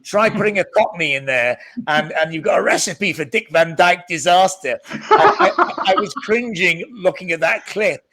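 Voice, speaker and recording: A man's voice: high voice, lively intonation, moderate pace, sharp tone, low-quality recording. A man with a Scouse accent tinged with north Welsh, telling self-deprecating stories as a guest actor, with many stammered restarts. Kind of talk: anecdotal chat.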